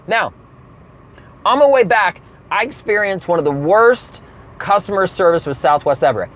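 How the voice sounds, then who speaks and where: A man's voice: sits high, fast. A man telling a comedic rant from his car, acting out the people in his story. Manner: animated storytelling with acted-out quotes.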